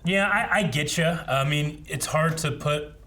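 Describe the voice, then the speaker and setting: With a fairly high pitch and a pushed, bright tone, a young man speaks at a measured pace while co-hosting a reaction show. His casual discussion wanders through his thoughts, full of fillers, over faint background noise.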